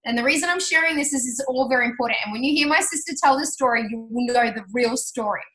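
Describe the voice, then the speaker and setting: A woman telling a personal story to an audience, chatty and animated, laughing often and acting out what people said. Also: on the high side, fast talker. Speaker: speaker sharing her business success story. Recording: roomy hall reverb.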